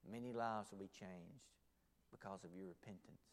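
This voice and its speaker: A male pastor preaching a sermon to a church congregation, swinging dramatically between loud exclamations and hushed near-whispers. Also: sits low, moderate pace. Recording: long hall reverb.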